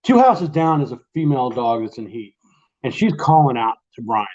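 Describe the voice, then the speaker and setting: A man's voice: medium pitch, big pitch swings, moderate pace, a little mellow. A man co-hosting a casual late-night chat show, rambling and laughing often. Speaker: podcast co-host. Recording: lo-fi dull sound.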